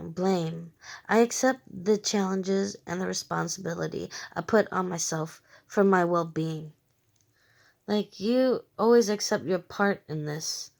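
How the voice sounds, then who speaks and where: Her fairly low, slightly mellow voice carries vocal fry as this tarot reader gives viewers a casual reading. She talks frankly and emphatically, swearing freely and circling back to short repeated phrases.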